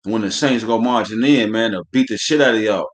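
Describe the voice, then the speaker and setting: A man's voice: on the low side, brisk. Guy preaching scripture on a live stream, heated and cussing, keeps saying man. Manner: heated, profane, preachy, leans on "man" at phrase ends. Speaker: religious teacher.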